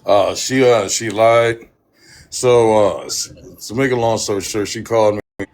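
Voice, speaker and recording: Unhurried and lowish in pitch, a man hosting a livestream delivers an angry rant about an online feud from his point of view. He swears a lot and keeps circling back to the same points in a heated way.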